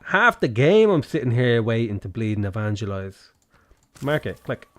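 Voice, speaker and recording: Jokey Dublin Irish streamer. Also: male voice, medium pitch, very animated, moderate pace, a bit bright. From Ireland (Dublin). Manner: jokey, rambling banter with swearing. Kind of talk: casual gameplay livestream commentary.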